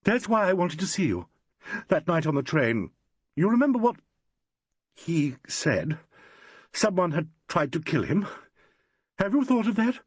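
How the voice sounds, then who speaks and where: Picture a frightened young actress in a stage mystery, her voice pitched high and swinging widely as she pleads urgently. Her words come out shaky and breathless, close to hysterics, as a male narrator acts her out. The tone is husky, in a dry, close room. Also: sing-song, moderate pace, no echo. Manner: trembling, urgent, rising to near hysterics. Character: shaken young actress in shock, woman.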